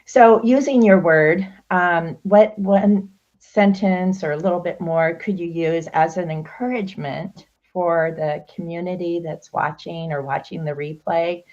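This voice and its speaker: A woman with a low voice hosts a show over a video call. She speaks in an affirming, sensitive way. The call audio is dull and lo-fi. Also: unhurried, hardly any pauses. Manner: affirming, sensitive, gently emotional. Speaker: host. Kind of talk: casual heartfelt talk-show chat.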